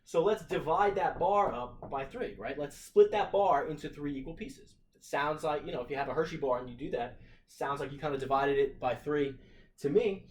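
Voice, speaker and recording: A man's voice: on the high side, moderate pace. Man talking through a math lesson. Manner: thinking aloud, many fillers and restarts. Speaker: teacher. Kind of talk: recorded math lesson walkthrough.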